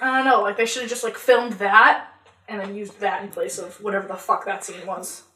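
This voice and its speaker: A woman's voice: mid-range voice, fairly even intonation, a little fast, pushed and bright, a little hiss or hum. A woman co-hosting a casual podcast chat, rambling with lots of fillers and casual swearing. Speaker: podcast co-host. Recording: roomy echo.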